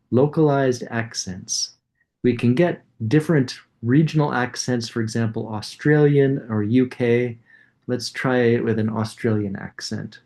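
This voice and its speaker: A man's voice: mid-range voice, dark tone. A man giving a coding lecture, casually thinking aloud and demonstrating code as he goes.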